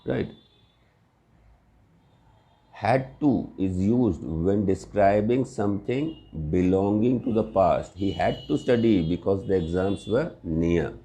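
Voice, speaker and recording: Low, mellow-voiced grammar teacher man. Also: expressive, slow. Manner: explains patiently with examples, often asks "right?". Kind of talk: recorded grammar lesson.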